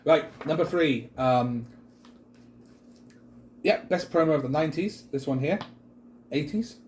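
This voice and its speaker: This British co-host of a wrestling chat show has a slightly high voice and speaks a little slowly, with faint background noise. His casual talk rambles, animated and packed with fillers.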